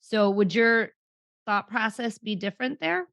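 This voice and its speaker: A woman podcast host with a deep, raspy voice, asking long, rambling interview questions. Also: animated, unhurried, a bit bright, no echo, studio quality.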